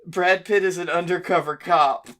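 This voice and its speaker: A man co-hosting a comedy podcast, pitching ideas in a laid-back way with some swearing. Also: steady tone, normal speed, pushed and bright. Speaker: podcast co-host.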